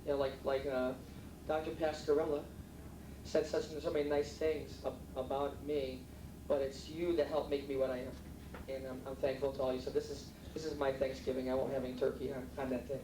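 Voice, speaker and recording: A man's voice: mid-range voice, flat delivery, fairly quick, noisy background. A middle-aged man giving a heartfelt, rambling thank-you speech at a martial arts banquet dinner, with many restarts. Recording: echoey hall, mic far off, faint room ambience.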